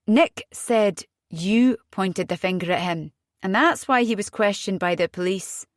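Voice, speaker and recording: A woman's voice: medium pitch, a little slow, no echo, clean studio sound, natural voice. A woman voicing a weary husband in an audiobook, reasoning in an exasperated way without much change to her own voice. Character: weary, defensive husband and father.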